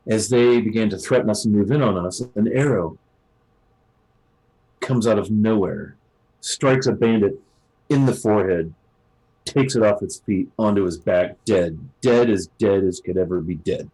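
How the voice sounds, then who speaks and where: A male hunter recounting an old adventure, as a man puts him on in a tabletop game. His low, husky voice builds the tale dramatically with pauses. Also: mellow, poor audio. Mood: dramatic.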